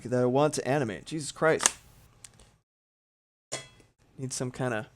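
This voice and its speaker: A man's voice: mid-range voice, a little slow, a little hiss or hum. Sleepy, sweary man streaming as he draws. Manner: swears freely, rambling and self-mocking. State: sleepy, yawning. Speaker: streamer drawing live. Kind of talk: casual chat while drawing.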